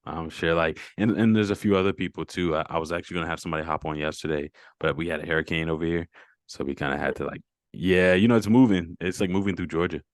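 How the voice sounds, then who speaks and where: A man's voice: sits low, fast talker, dry recording, studio quality. A man hosting a casual fitness check-in over a video call, encouraging and affirming his guest often. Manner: encouraging, lots of "mm-hmm" affirmations. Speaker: fitness coach and host.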